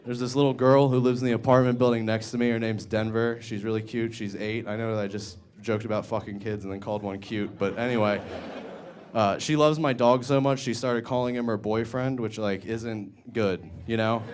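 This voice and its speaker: A young man with a fairly low voice doing a stand-up set on a club stage. He rambles through self-deprecating stories and drops crude asides, with faint club noise under the mic. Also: fairly even intonation, fairly quick, a little mellow. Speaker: stand-up comedian.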